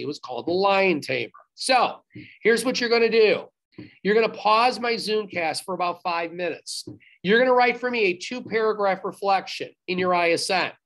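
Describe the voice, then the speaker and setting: A man's voice: high-pitched, fairly bright tone. Emphatic man giving a recorded history lecture. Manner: emphatic, repeats instructions, asides to the class. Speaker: history teacher. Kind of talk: recorded video lecture to students.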